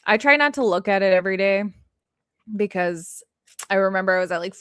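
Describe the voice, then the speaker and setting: A woman's voice: mid-range voice, animated, a little fast, fairly bright tone, clean tone, no echo, studio quality. Chatty woman hosting a livestream. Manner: chatty, laughs often, reads chat aloud. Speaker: livestream host. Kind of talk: casual livestream chat.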